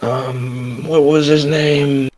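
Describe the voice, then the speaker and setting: A man playing a character in a tabletop game, speaking haltingly and hesitantly. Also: mid-range voice, fairly even intonation, a little mellow, poor audio. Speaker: player. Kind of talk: tabletop role-play, in and out of character.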